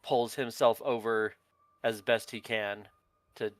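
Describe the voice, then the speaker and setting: A man's voice: on the low side, fairly even intonation, slow, no echo. A man playing a tabletop game, thinking aloud about his character in a loose, casual way. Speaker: player. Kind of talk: casual role-play chat.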